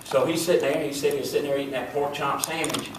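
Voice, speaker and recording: A man playing an excitable, boastful small-town deputy with a Southern accent, rambling and fumbling for words in a live stage comedy monologue. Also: fairly high pitch, fast, noisy background, natural voice. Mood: folksy. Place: stage before an audience. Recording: echoey hall, from far off.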